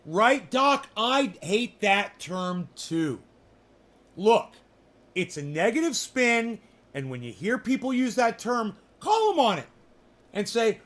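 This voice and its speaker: Bright-voiced man ranting profanely. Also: high-pitched, very animated, measured pace. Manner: rambling, profane, sarcastic. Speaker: livestream host. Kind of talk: casual ranting livestream chat.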